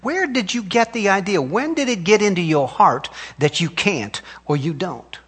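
A man's voice: sits high, expressive, normal speed, fairly bright tone, slightly rough. A middle-aged male pastor preaching a sermon, emphatic, with call-and-response to his congregation.

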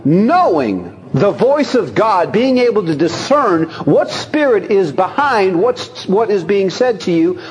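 Folksy male preacher, high voice, reverberant hall. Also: a little mellow. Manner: folksy and humorous, chuckling between points. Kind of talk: sermon with scripture reading.

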